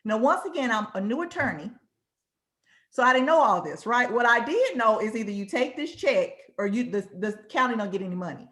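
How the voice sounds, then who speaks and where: Lively woman attorney explaining the law. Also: fairly high pitch, brisk. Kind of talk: casual chat. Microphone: video call.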